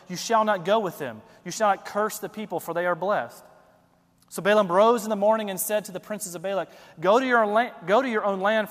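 A man's voice: high voice, long reverb tail. A man preaching a sermon, building emphasis and asking rhetorical questions. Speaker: pastor.

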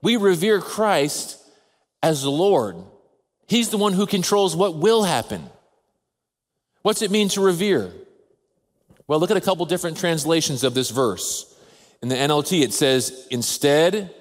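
A man, a father of a toddler, preaching a sermon in an earnest, measured way with slow, emphatic pauses. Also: on the high side, expressive. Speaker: pastor. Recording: long reverb of a large hall.

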